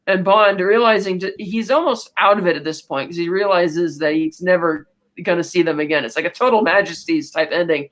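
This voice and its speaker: Podcast co-host, casual recap, rambling delivery, quick quoted asides, mid-pitched voice. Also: a bit bright.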